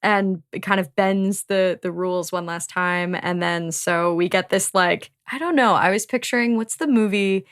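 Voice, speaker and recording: A woman's voice: medium pitch, moderate pace, few pauses. Chatty laughing woman podcast host. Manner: laughing, chatty, swears freely. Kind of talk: casual book discussion.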